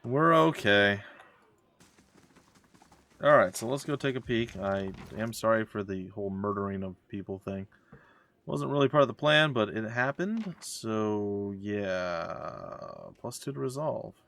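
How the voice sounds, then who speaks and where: A man's voice: on the low side, sing-song, measured pace, vocal fry, a bit bright. A man giving casual, wry commentary while playing a game and reading its dialogue aloud. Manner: wry, joking asides. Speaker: let's play gamer.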